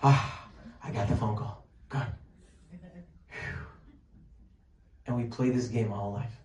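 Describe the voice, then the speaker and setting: A man giving a Torah talk as a sermon, animated and full of rhetorical questions, sometimes dropping to a near-whisper to act out pleading. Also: mid-range voice, takes it slowly, long pauses. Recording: distant mic, echoey room, faint noise.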